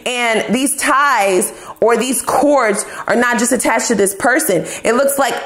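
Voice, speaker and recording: A woman does a casual tarot reading to camera, blunt and animated, packing her talk with heavy slang and plenty of swearing. Her voice is on the high side and a little slow, with noticeable reverb.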